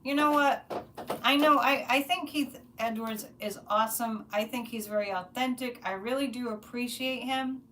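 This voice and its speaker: Woman, high voice, psychic livestream host, rambling casual chat, mic a bit far off. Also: normal speed, slight background noise. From United States. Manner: animated, chatty, rambling with restarts.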